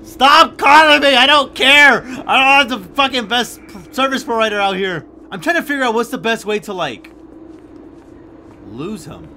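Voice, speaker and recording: A young man giving gameplay commentary, swinging from hushed muttering to loud, sweary shouting. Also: very high voice, expressive, normal speed, a little hiss or hum. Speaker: gaming YouTuber.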